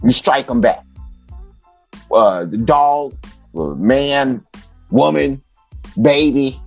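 A man's voice: mid-range voice, very slow, vocal fry, faint music behind. A man from Chicago, a podcast guest, telling stories in casual chat and acting out the people in them. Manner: animated, acts out voices of people in his stories.

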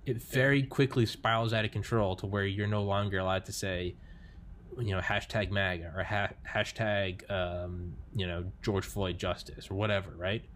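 An American man hosting a podcast, talking casually with lots of swearing and sudden jumps between loud and quiet. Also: fairly low pitch, normal speed, a little hiss or hum. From United States. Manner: animated, profane, swings between loud and quiet. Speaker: podcast host.

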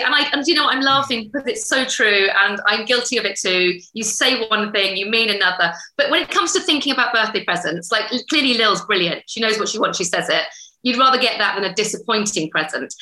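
A woman's voice: a little high, pushed and bright. A woman, co-hosting casual studio banter in a candid, earnest manner. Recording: roomy echo.

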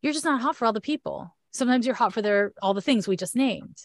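A woman's voice: on the high side, animated, fast, no room sound, studio quality. Chatty Canadian woman, frank astrologer. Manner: chatty, frank, laughs often. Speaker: astrologer giving a reading. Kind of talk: casual one-on-one reading.

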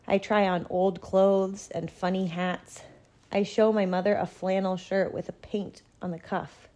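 A woman reading a picture book aloud in a gentle, measured storytelling voice. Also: medium pitch, little pitch movement. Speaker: storybook reader.

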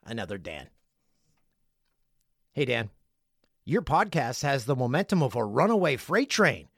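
A middle-aged Canadian man hosts a podcast from his home studio, reading listener messages aloud with playful jokes and lively energy. His voice is medium-pitched and creaky, and he speaks at a measured pace. The recording sounds dry.

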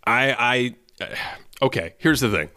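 A man's voice: mid-range voice, animated, slow, pushed and bright, dry recording, studio quality. A man hosting a casual basketball podcast, who reads out stats and laughs between his points. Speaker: podcast host.

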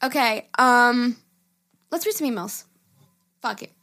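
A woman's voice: fairly high pitch, a little slow, bright, forceful tone. A woman co-hosting a casual podcast, reading listener emails aloud, laughing often and swearing casually. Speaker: podcast co-host.

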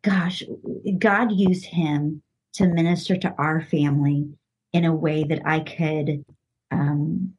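A middle-aged woman speaks as a podcast guest in a slow, unhurried way. Her voice is husky and a little breathy, and her speech is heartfelt and halting, full of fillers and restarts. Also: low-pitched, steady tone, darkish tone, poor audio. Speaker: coach's wife and podcast guest. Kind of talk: emotional personal storytelling.

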